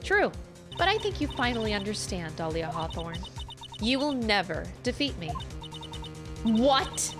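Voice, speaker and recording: A woman voicing a calm, confident woman lawyer who is a spirit, speaking in a cool, firm and measured way in a video game. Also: on the high side. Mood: cold. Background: game music.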